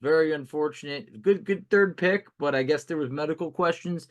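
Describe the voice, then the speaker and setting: A man's voice: fairly high pitch, normal speed. A man co-hosting a sports podcast, chatting casually and rambling in a self-deprecating way, often restarting his sentences.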